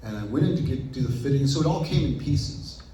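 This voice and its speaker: A man being interviewed as an actor guest, telling stories animatedly and acting out his own past thoughts in quick asides. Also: mid-range voice, expressive, mellow, a little hiss or hum. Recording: roomy echo, picked up from a distance.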